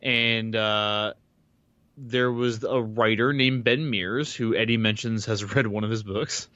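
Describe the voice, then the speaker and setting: A man's voice: lowish voice, fairly even intonation, slow, pushed and bright, no room sound, dull audio. A man co-hosting a podcast, casually recapping a horror novel in a loose, rambling way with restarts and casual swearing. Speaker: podcast co-host. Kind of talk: casual chat recapping a book.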